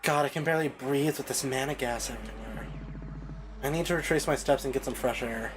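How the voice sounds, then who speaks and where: A man's voice: mid-range voice, brisk, natural voice. A man voicing an anxious young woman paladin on a game stream, reading her lines with a flustered, pleading manner. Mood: nervous. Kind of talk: reading game dialogue aloud. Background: game soundtrack music.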